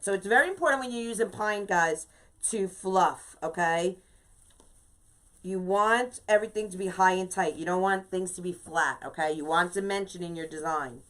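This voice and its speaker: A woman's voice: mid-range voice, a bit bright. Chatty woman hosting a craft livestream. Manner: chatty, greets viewers by name, lots of "okay?". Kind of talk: casual live-stream craft tutorial.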